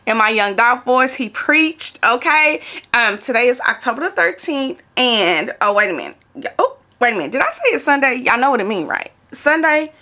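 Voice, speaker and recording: A woman in her forties talks straight to her viewers in a casual, chatty vlog. Her voice sits a little high and swoops all over the place as she gets excited. She throws in playful whoops and keeps things animated and exclamatory. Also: normal speed. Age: 40s. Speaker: lifestyle vlogger.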